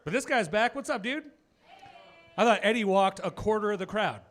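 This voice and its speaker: A man's voice: high-pitched, expressive, normal speed, a bit bright, soft background music. A man opening his stand-up set in a small club, teasing the host and other comics in a dry way and laughing through his lines. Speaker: stand-up comedian. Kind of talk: stand-up crowd work. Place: small comedy club with a live audience.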